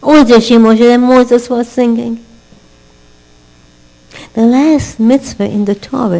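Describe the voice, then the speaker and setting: A woman's voice: fairly even intonation, a little slow, long pauses, warm tone, low-quality recording. An older woman teaching a Torah class as a sermon, asking rhetorical questions, weaving in a family story, and building to emphatic exhortations. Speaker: religious teacher. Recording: low mains hum.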